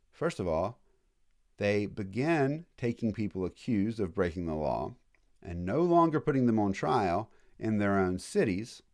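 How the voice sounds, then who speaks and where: A man giving a casual college history lecture in a classroom, joking and acting out quick voices of historical groups. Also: on the low side, darkish tone.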